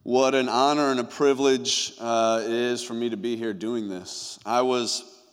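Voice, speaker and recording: A man's voice: mid-range voice, steady tone, measured pace, clean tone. A young man preaching a sermon, giving an earnest personal testimony that rises and falls in intensity. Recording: long hall reverb.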